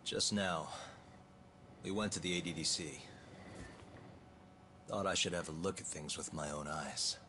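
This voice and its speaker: A man voicing an earnest lawyer-turned-detective in a video game, speaking in a calm, measured way. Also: sits low, slight background noise. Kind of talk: game voice acting.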